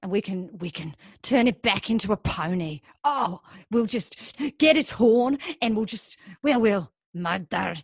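A woman's voice: medium pitch, animated, measured pace, hardly any pauses, slightly rough, no echo, clean studio sound. A woman acting a conspiratorial schemer in an improvised comic soap. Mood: plotting. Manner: conspiratorial, drops to hushed tones. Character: scheming woman partner plotting a heist. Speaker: improv actor.

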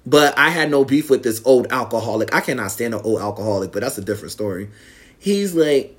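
A man's voice: medium pitch, quick pace. A young man casually telling a personal story to viewers, acting out the quoted lines in a raised voice. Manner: animated, acts out quotes in raised voice.

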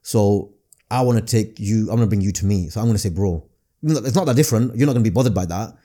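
A man with a Northern English accent, chatting as a comedian guest on a podcast. He talks quickly in a low, dark voice and often repeats words as he restarts a thought. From Northern England. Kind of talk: casual podcast chat.

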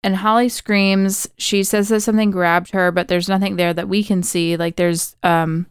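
A woman's voice: mid-range voice, level tone, moderate pace, clean tone, no room sound, clean studio sound. A woman co-hosting a podcast, recapping a film in chatty casual talk full of "like" fillers. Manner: chatty storytelling, many "like" fillers. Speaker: podcast co-host.

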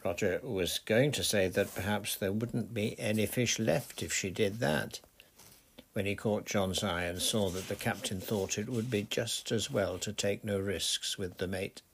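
Low-voiced man reading a storybook. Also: gravelly, slight background noise. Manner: steady, measured storytelling. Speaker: audiobook narrator. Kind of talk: scripted narration.

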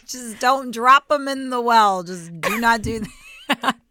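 A woman co-hosting a casual faith podcast, playful and quick with reactions. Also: a little high, sharp tone, a little hiss or hum. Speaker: podcast co-host.

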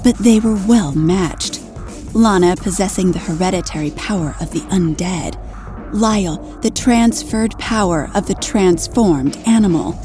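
A woman narrating an erotic story in a slow, sultry reading, with faint music behind. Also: on the low side, mellow.

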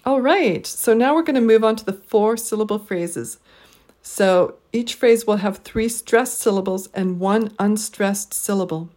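A woman recording a pronunciation lesson, explaining stress and intonation and reading short model phrases slowly and clearly for learners to repeat. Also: medium pitch, a little mellow. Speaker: pronunciation teacher. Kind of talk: slow, deliberate language lesson recording.

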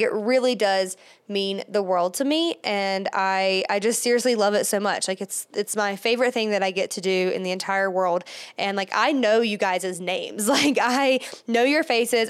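A woman's voice: mid-range voice, clear, resonant tone. Chatty, breathless woman podcast host. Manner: chatty, many fillers and restarts. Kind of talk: casual solo podcast monologue.

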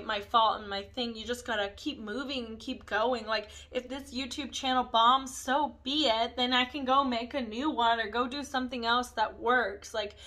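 Woman, thirties, podcast host, rambling, self-reflective, bright tone. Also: fairly high pitch, rough recording. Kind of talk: casual personal monologue.

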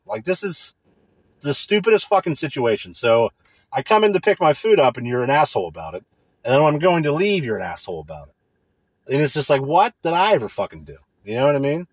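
A man's voice: medium pitch, sing-song, brisk, breathy edge, dry recording. A man in a casual, profane, indignant rant. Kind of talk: casual ranting monologue.

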